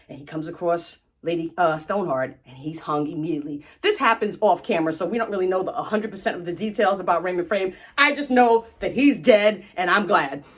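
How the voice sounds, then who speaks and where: A woman hosting a casual, animated story recap in slangy speech, acting out the quotes as she goes. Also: on the low side, breathy edge. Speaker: host.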